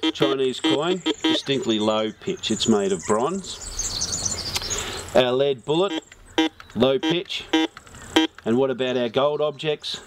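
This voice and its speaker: Man, instructional demo, steady explaining, mid pitch, noticeable background noise with clicks. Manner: steady, explanatory, talks while sweeping over targets. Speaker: metal detector demonstrator. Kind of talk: instructional product demonstration. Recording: steady noise and detector beeps behind voice.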